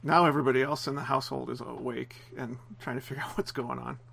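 A man's voice: medium pitch, fairly even intonation, fast talker, vocal fry, fairly bright tone, slight background noise. A man casually commenting on a film as it plays, explaining scenes and chuckling often. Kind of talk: casual watch-along commentary.

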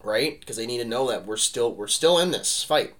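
Animated bright-voiced man. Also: mid-range voice, moderate pace. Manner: animated, rambling, heavy use of "like" and "right?". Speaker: podcast co-host. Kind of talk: casual history discussion.

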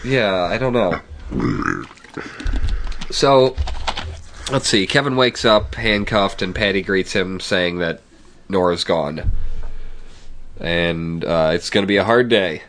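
Podcast co-host, male, sick voice, lowish pitch, musing recap delivery. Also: slow pace, pauses often, a little hiss or hum. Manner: relaxed, musing, hesitant with fillers. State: sick, congested voice. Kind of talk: casual chat recapping a TV episode.

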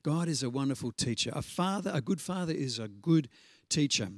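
A man preaching a sermon in a conversational storytelling way, slowing down to stress scripture references. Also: a little high, expressive, no echo, studio quality. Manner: conversational storytelling with frequent fillers and restarts.

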